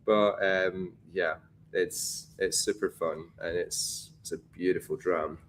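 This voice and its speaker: A man's voice: low voice, fairly even intonation, slow, slight background noise. A man with a Scottish accent, a whisky brand ambassador talking casually through a tasting, rambling with fillers and restarts. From Scotland.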